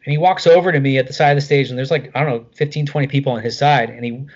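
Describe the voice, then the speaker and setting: A middle-aged man telling a casual anecdote as a guest, animated, swearing freely and filling with "like". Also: medium pitch, racing, highs cut off.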